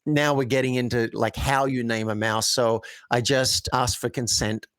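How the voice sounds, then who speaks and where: A man's voice: mid-range voice, fairly even intonation, moderate pace, fairly bright tone, no echo. Earnest storytelling man, dry sound. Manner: earnest, storytelling, acts out example phrasings. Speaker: coach and guest. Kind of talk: conversational interview.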